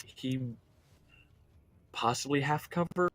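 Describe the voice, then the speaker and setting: A man running a tabletop game as dungeon master, calling turns and explaining rules in a relaxed, conversational way. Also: mid-range voice, slow pace, no room sound.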